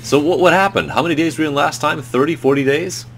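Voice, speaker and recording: A man co-hosting a gameplay chat, playful and animated, reading story text aloud. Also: fairly high pitch, quick pace. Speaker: co-host.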